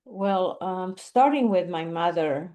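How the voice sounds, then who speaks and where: A woman from Bolivia, a guest slowly recalling her family in an interview. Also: fairly low pitch, lively intonation, warm tone. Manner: slow, measured recollection. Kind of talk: conversational storytelling interview.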